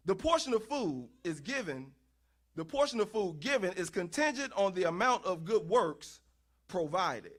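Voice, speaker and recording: A man's voice: high-pitched, normal speed. A man preaching a sermon, using folksy asides, rhetorical questions and repeated phrases. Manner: animated, rhetorical questions and repetition; folksy, addresses congregation as y'all.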